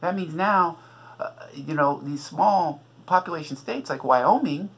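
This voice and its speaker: A man's voice: fairly high pitch, a little slow, slightly rough, rough recording. A middle-aged man from California hosting a podcast, delivering an agitated, profane political rant with sarcastic asides. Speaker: podcast host and author. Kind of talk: ranting political monologue.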